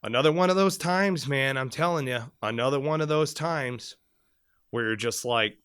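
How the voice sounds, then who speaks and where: A man co-hosting a casual podcast, spinning a long, profane story with lively energy. His voice is bright and forceful. The sound is close and dry, with no room around it. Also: mid-range voice, moderate pace, smooth, dry recording. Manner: animated, profane, rambling storyteller. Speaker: podcast co-host, former Marine.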